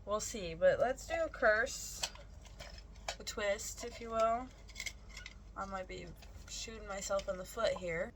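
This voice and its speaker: A woman's voice: medium pitch, slow, pauses often, background noise. A young adult woman chatting casually in a reading vlog, rambling and correcting herself as she goes. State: out of breath. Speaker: book vlogger.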